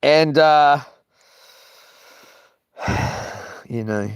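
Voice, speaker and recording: Slow-talking man vlogger, smooth dry voice, rambling and a bit rough-mouthed. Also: fairly high pitch, dry recording. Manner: meandering, loses his thread, mild cursing. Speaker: solo camping vlogger reading live chat. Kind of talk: casual rambling live chat.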